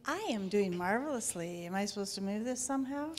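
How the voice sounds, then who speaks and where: A woman volunteering in a workshop demonstration, slightly nervous, speaking softly and hesitantly into a handheld microphone. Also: mid-range voice, animated, brisk, faint music behind. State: a little nervous.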